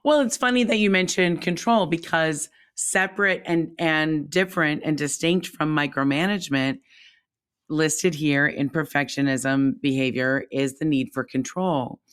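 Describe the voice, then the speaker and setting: Woman podcast co-host, low voice, reflective, animated chat. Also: smooth. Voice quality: calls her own voice squeaky. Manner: reflective, animated, jumps in pitch when emphatic. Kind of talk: casual chat.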